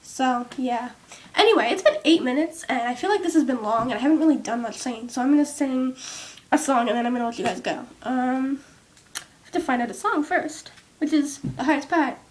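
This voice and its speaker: A young woman talks to her viewers in a high, light voice. She rambles in easy casual chat, full of fillers and "like". It's recorded at home on a cheap microphone with its top broken off. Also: expressive, a little fast. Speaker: vlogger.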